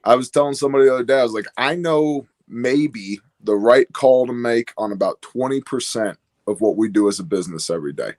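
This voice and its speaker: Man, podcast guest, casual, rambling, lots of fillers, mid pitch. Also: a little mellow. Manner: fast, rambling, storytelling with many fillers. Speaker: guest, business owner.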